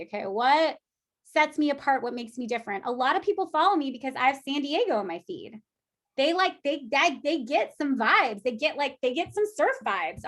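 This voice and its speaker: A woman in her forties coaching her team on a call, talking in a chatty, animated way with many restarts and quoted asides. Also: high voice. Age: 40s. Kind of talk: casual motivational team call.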